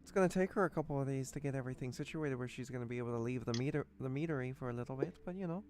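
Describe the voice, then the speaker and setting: A man's voice: mid-range voice, very fast, darkish tone, natural voice. A man voicing a young Irish woman fortune-teller who reads cards, friendly and obliging, with faint music behind.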